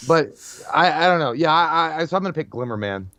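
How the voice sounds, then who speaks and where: A man with a fairly high voice, rambling through casual movie talk as a podcast co-host, stammering and restarting and chuckling at his own jokes. The sound is dry and a little dull, like a cheap home mic. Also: lively intonation, fast talker, sharp tone, dry recording. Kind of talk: casual movie chat on a livestream.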